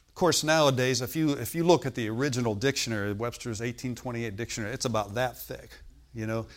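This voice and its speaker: Guy preaching, keeps asking for amens, plain mid voice, leans hard on words. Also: mid-range voice. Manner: emphatic, repetitive, frequent "Amen?" calls to listeners. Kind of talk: sermon. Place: hotel meeting room.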